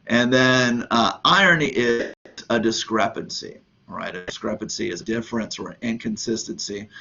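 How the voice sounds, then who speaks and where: A man teaching a recorded lesson in a relaxed way, with many ums and you-knows. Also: fairly low pitch, muffled recording. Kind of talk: recorded lecture.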